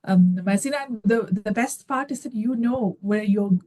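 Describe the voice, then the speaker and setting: A woman's voice: mid-range voice, moderate pace, warm tone, a little hiss or hum. A middle-aged woman from India with an Indian English accent, encouraging and hesitant, full of fillers and restarts. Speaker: guest conversation partner. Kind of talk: casual conversation.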